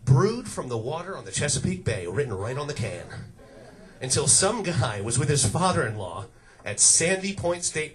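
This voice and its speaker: A young man performing a stand-up comedy set, delivering crude, sardonic punchlines and putting on mock voices. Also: fairly high pitch. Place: comedy club stage. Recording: club set with loud crowd laughter. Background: audience laughing.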